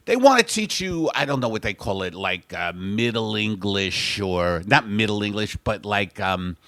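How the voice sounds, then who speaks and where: A man's voice: fairly low pitch, animated, normal speed, fairly bright tone, dry recording. Ranting Brooklyn man hosting a podcast. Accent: Brooklyn, New York. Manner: exaggerated, ranting, mock-grandiose. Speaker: podcast host. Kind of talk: comedic podcast riffing. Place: his home.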